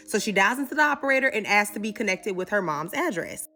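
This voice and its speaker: A woman's voice: medium pitch, expressive, quick pace, few pauses, bright, forceful tone, faint music behind. A woman giving a casual comedic recap, sassy and slangy, talking straight to her viewers.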